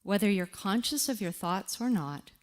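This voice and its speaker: A woman giving a motivational talk about grief, speaking with slow, deliberate emphasis and reflective pauses. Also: medium pitch, expressive.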